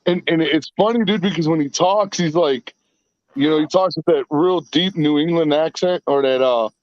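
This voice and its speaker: A man with a notably high voice, chatting excitedly on a podcast and laughing between lines. His audio is dull and lo-fi, like a call, and it sounds dry and close. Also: moderate pace, no echo. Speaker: podcast co-host. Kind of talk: casual chat.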